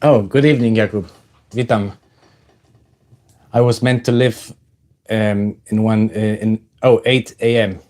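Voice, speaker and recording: Guy livestreaming, slow and halting, lower voice, lots of uh and um. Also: steady tone, a little mellow. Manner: halting, many fillers, greets chat viewers. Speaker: livestream host. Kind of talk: casual livestream chat.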